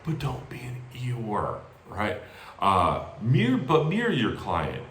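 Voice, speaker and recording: An energetic man coaches a team on sales calls and often checks in with "right?". His pitch swings widely as he talks. The voice rings in an echoey room. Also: slow pace, slight background noise. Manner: energetic, animated, tags lines with "right?". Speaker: sales call trainer. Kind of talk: training talk.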